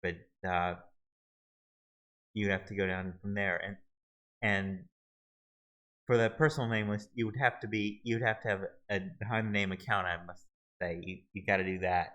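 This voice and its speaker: Low-voiced man stumbling through a tutorial. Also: fairly even intonation, fairly bright tone, low-quality recording. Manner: halting, many restarts and fillers. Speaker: video tutorial host. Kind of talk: screen-recorded walkthrough.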